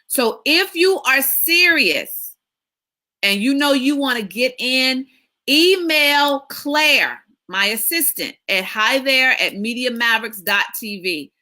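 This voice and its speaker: A woman media coach hosting a weekly tips video, talking in an excitable, emphatic coaching style. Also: high-pitched, slow. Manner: excitable, emphatic, lively delivery with laughs. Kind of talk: energetic coaching monologue.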